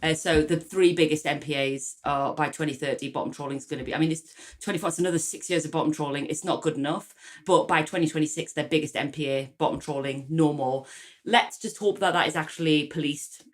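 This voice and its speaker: A woman with a Geordie accent, co-hosting a podcast in a lively, casual chat, swearing freely and laughing often. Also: sits low, quick pace. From North East England. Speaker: podcast co-host and author.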